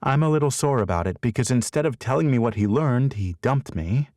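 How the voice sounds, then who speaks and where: A man voicing a witty, teasing young woman in an audiobook, quick and wry. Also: mid-range voice, lively intonation, a little mellow, dry recording, clean studio sound, pitched above the performer's own voice, close to an everyday voice.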